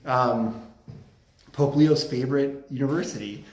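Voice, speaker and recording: A man's voice: medium pitch, unhurried. Guy lecturing casually, jokey and rambly, voice bouncing around a roomy hall. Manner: joking, rambling, fond of anecdotes. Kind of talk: casual lecture to a small group. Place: room at a campus Catholic center. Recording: roomy echo.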